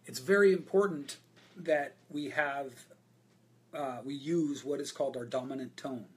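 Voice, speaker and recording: A man coaching an audience on a group call, answering their questions about voice and speaking in a candid, energetic way with frequent fillers. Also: mid-range voice, unhurried. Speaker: voice and presentation coach. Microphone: video call.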